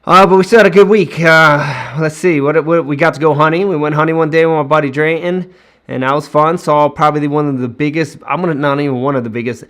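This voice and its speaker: A man's voice: fairly high pitch, fast, a bit bright. A man hosting a casual weekly livestream from home, greeting viewers by name and laughing often.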